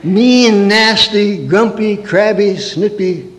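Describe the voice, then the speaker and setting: A man's voice: high voice, takes it slowly. A man who works as a counselor, giving a humorous sermon-style talk with stories and rhetorical questions. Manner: storytelling, rhetorical questions, mock-angry asides. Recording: reverberant hall.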